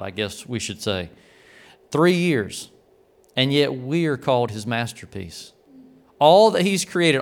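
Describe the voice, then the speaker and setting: A man's voice: mid-range voice, clean tone. A man speaking as a worship minister, giving an earnest, reflective devotional teaching with small restarts.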